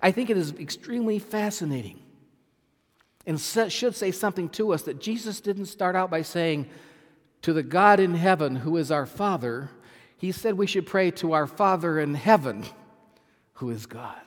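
A man preaching a sermon as pastor, emphatic, repeating phrases and swinging from loud to soft. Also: sits high, animated, moderate pace, in a large hall. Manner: emphatic, repeats phrases, swells and drops in volume.

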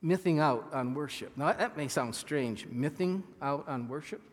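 A man delivers a sermon as pastor, earnest and a little halting, often restarting his sentences. His voice sits somewhat high for a man. When he reads scripture he slows down and leans on the words, and a long reverb hangs behind him as in a church sanctuary. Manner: earnest, halting with frequent restarts, reading scripture slowly with emphasis.

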